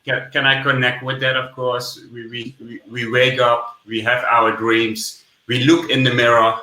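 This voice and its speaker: A man's voice: mid-range voice, level tone, measured pace, sharp tone, roomy sound, low-quality recording. A man in a webinar conversation who eagerly breaks in to add his own point.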